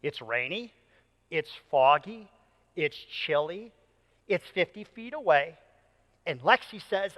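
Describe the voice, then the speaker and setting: A man in his thirties delivers a sermon from a church stage, his voice high and bright, swinging widely in pitch. He tells stories with playful jokes for the congregation. A long reverb from the hall trails his words. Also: unhurried, long pauses. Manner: animated storyteller, playful and joking. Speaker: pastor. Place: church auditorium.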